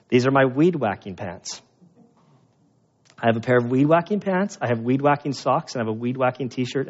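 A man's voice: mid-range voice, a little mellow, dull audio. A man, a pastor, preaching a verse-by-verse sermon in a conversational, emphatic way with self-deprecating humor. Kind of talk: expository sermon.

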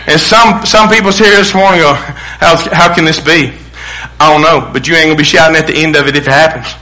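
A middle-aged male pastor preaching a sermon, animated, acting out quotes with bursts of shouting. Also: on the high side, racing, rough recording.

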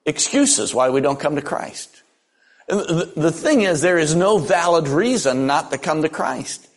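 A man's voice: fairly high pitch, expressive, measured pace. Folksy older man preaching a sermon. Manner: folksy storytelling with dry humor. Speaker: pastor.

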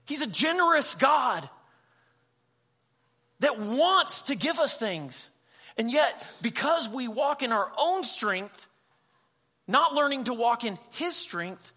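Bright-voiced pastor, high for a man. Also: slightly rough. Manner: conversational, acts out dialogue in quoted voices; humorous asides. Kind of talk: sermon.

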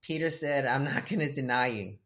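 A man who coaches tennis, chatting casually about faith and telling lively stories with acted-out voices. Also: mid-range voice, a little fast. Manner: animated storytelling, acts out voices of kids and God. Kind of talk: casual faith-based conversation.

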